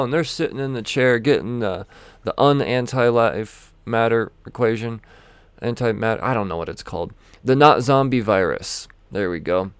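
A man talking loosely and excitedly about comics, trailing off, restarting and laughing as he goes. His voice is smooth and resonant, recorded close and dry with no room sound. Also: mid-range voice, no echo. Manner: chatty, self-interrupting, laughs often, swears casually. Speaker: comic book reviewer. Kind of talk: casual rambling review.

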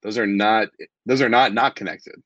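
A man's voice: on the low side, fairly even intonation, normal speed, fairly bright tone, no room sound, lo-fi sound. A man co-hosting a sports podcast, making dry wisecracking asides in casual chat. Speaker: podcast co-host.

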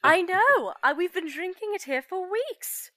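Slow, bright-voiced woman player. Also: extremely high pitch, sing-song, no echo. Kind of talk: tabletop game play.

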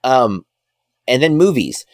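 A man's voice: medium pitch, very animated, slow, no room sound, studio quality. A man co-hosting a podcast in casual chat, rambling with lots of fillers and enthusiastic about films. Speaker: podcast co-host.

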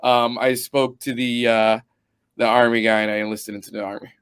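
A man's voice: mid-range voice, brisk, clean tone, no echo. A young adult man from Connecticut, an Army veteran and guest, telling his stories in casual, profane podcast chat. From New Britain, Connecticut. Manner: profane, animated storyteller.

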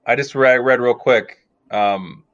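A man's voice: mid-range voice, slow pace, a bit bright, no room sound, highs cut off. A man co-hosting a movie podcast, chatting casually with a wry, joking manner. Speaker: podcast co-host.

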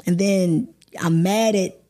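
A woman in her thirties talks candidly on a podcast, her voice mellow and relaxed in timbre. She tells a personal story with open emotion and the odd curse, speaking at a middling pitch. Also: takes it slowly. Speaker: guest actor.

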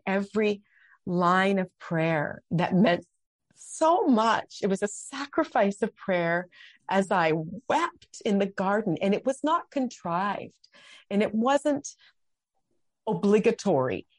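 A woman's voice: mid-range voice, expressive, slow, dry recording. A middle-aged woman talking as a podcast guest, earnest and heartfelt, often restarting her sentences. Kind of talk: conversational interview.

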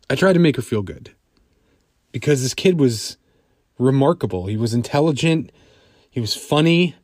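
A man's voice: medium pitch, animated, moderate pace, pauses often, a little mellow, no echo, clean studio sound. A man telling a personal story in a conversational way, full of fillers.

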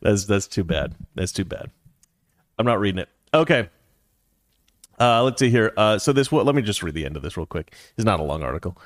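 A man giving casual opinion commentary, sarcastic and animated, reading quotes aloud and reacting to them. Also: fairly low pitch, a little fast, no echo. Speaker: commentary host.

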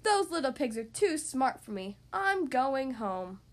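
A woman's voice: high-pitched, very animated, measured pace. A woman voicing a blustering, sly big bad wolf in a storybook read-aloud, roaring his threats. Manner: roaring threats, fake-sweet when disguised.

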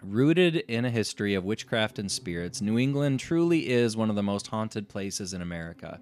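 A man's voice: fairly low pitch, very animated, moderate pace, darkish tone, clean tone. A man hosting a casual podcast chat, reading haunted house listings aloud and joking about them. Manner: reads aloud, then jokes and laughs. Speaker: podcast host.

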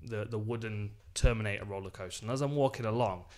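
A man's voice: on the low side, quick pace. A man co-hosting a casual chat and telling a long anecdote at an easy pace. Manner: relaxed anecdote teller who quotes himself. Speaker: podcast co-host.

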